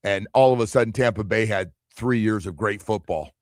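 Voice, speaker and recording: A man hosting a sports talk radio show, rambling and animated, acting out what other people say. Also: fairly low pitch, brisk, no room sound, studio quality.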